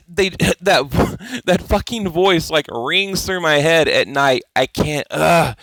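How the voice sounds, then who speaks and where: A man's voice: fairly high pitch, fairly bright tone, no room sound, low-quality recording. A man hosting a boxing video blog, talking in a rambling, emphatic, profane, fired-up way. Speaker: boxing vlog host. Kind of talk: casual chat.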